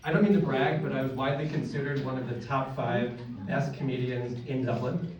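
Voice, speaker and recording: A man's voice: mid-range voice, steady tone, a little fast. A young American man doing a stand-up set, with dry, self-deprecating punchlines and banter with the crowd. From United States. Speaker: stand-up comedian. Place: comedy club stage, live audience. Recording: echoey room, distant mic, loud noise.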